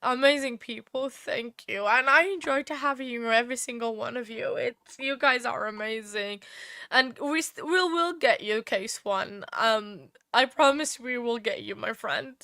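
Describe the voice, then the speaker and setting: A woman's voice: fairly high pitch, unhurried, bright, forceful tone, dry recording, clean studio sound. A woman hosting a casual livestream chat who is emotional and tearful, laughs often and keeps thanking her viewers. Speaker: livestream host.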